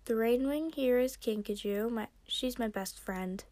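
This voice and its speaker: A woman's voice: a little high, unhurried, dry recording, close to an everyday voice. A woman voicing a friendly, welcoming young female dragon. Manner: warm, apologetic.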